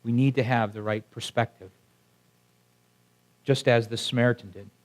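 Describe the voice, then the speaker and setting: A man's voice: mid-range voice, steady tone, normal speed. A male pastor preaching a sermon to his congregation. He keeps it conversational and often stops to ask the people in front of him questions. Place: church sanctuary before a congregation.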